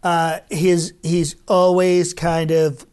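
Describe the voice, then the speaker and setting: A man's voice: on the high side, flat delivery, slow pace, a little mellow, clean tone. A man who is a voice impressionist, answering interview questions and explaining how he breaks down voices. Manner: explains voice technique in detail, with restarts.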